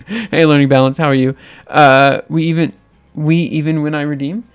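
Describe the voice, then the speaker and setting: A young man hosting a live stream, his voice light and somewhat androgynous, sitting a bit higher than most men's. He talks in a loose, rambling way, full of ums and restarts, and laughs easily. His voice has a noticeable gravelly fry. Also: fairly even intonation, normal speed, soft background music. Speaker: livestream host. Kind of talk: casual live-stream chat.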